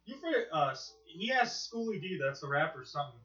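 An excitable young man co-hosts a casual podcast. He rambles and swears, with a bright, forceful voice pitched a little high. The recording is roomy and muffled. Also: fairly quick. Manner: rambling, excitable, swears a lot, lots of fillers and restarts. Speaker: podcast co-host. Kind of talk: casual chat.

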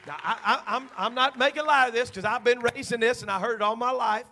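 A middle-aged man, preaching a sermon in church, moving between quiet storytelling and shouted, fervent preaching. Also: extremely high pitch, quick pace, a little hiss or hum.

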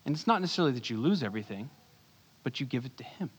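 A man preaching a sermon as pastor, earnest, moving between urgent bursts and hushed low lines. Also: animated, very fast, slight background noise. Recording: long hall reverb.

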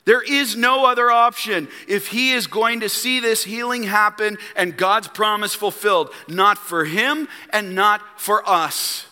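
A man preaching a sermon as a pastor, emphatic and full of rhetorical questions and dramatic pauses. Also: high-pitched, bright, forceful tone, big-room sound. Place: church sanctuary.

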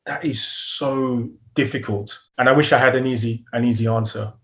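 Give me an earnest, middle-aged British man in a relaxed interview. His voice sits in a plain middle register. He restarts phrases as he gathers his thoughts and laughs lightly now and then. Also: mid-range voice, moderate pace. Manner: earnest, repeats words as he thinks, chuckles often. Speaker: podcast guest. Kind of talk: reflective interview storytelling.

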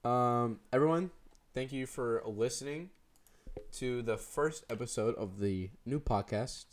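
A man's voice: mid-range voice, measured pace. A teenage boy co-hosting a podcast, chatting casually with a friend, slangy and rambling, laughing often. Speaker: podcast co-host. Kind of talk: casual chat between friends.

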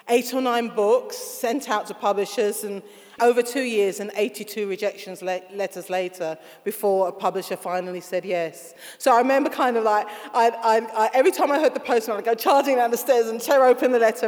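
Woman author, interview guest; animated, laughing storyteller; reverberant room. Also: fairly high pitch, moderate pace. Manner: animated, laughing, acts out quoted voices.

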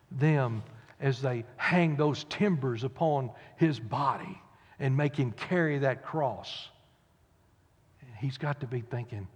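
A man preaching a sermon, telling the story dramatically, rising to loud cries and dropping to hushed whispers. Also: mid-range voice, slightly rough, big-room sound, lo-fi sound.

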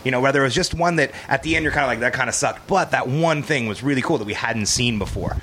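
A man's voice: medium pitch, fast talker, fairly bright tone, slight background noise. A man guesting on a podcast, telling a story vividly and animatedly, swearing freely. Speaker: movie guest. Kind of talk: casual storytelling.

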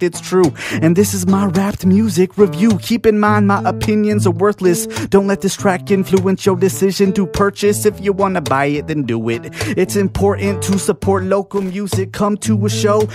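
A man delivering a rapped music review in a joking, irreverent way. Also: high voice.

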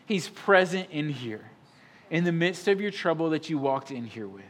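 A male pastor preaching to his congregation in a church, his voice sitting a little high for a man. He presses hard on key lines and then drops almost to a hush. The delivery is earnest and direct. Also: lively intonation, normal speed. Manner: emphatic, swings from loud to hushed. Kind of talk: sermon. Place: church sanctuary.

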